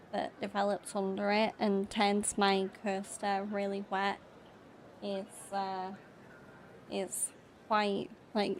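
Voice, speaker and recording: A young woman rambles through casual gameplay commentary and often restarts her thoughts. She speaks at an unhurried pace, and her voice stays flat and even. A faint hum of ambience sits behind her. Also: mid-range voice. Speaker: gaming YouTuber. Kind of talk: casual let's-play commentary.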